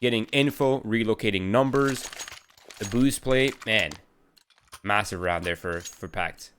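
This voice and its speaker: A male esports caster with a fairly low voice calls the action in a relaxed, bantering way. His calls climb when the play heats up, and faint game gunfire sits under his voice. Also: unhurried. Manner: casual, bantering, rising to excited calls. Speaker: esports commentator. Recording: game gunfire noise behind. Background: game gunfire and clicks.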